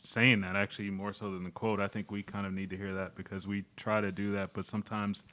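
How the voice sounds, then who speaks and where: Flat-voiced low male co-host. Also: fast talker. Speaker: podcast co-host. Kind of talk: casual podcast chat.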